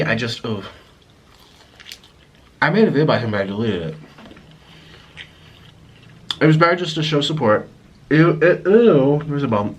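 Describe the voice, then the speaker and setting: A man talks casually to his camera as he eats, his words often muffled by food. He sounds apologetic and chatty, with a voice of ordinary pitch. A faint hiss sits under the recording. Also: fairly bright tone. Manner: chatty and apologetic, talking between bites with a full mouth. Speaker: mukbang vlogger. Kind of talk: casual talk while eating on camera.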